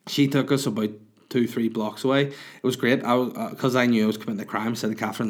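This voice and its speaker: A man's voice: mid-range voice, steady tone, quick pace. A man in his thirties, a podcast host, telling a rambling, crude, self-mocking story in casual monologue.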